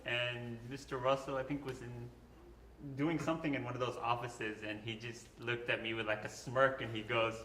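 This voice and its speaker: A man, a former band student, telling an animated story to old friends, laughing often as he goes. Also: medium pitch, normal speed, slight background noise. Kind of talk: storytelling at a gathering. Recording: echoey room with crowd.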